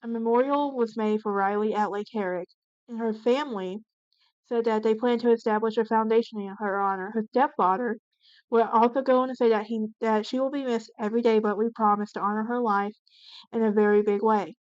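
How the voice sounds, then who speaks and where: A woman with a fairly high voice narrates a true crime case as the channel's host. She reads from notes, stumbling and correcting herself often. The sound is dull and lo-fi, recorded dry with no room echo. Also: steady tone, fairly quick, darkish tone, smooth. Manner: reads from notes with frequent restarts and self-corrections.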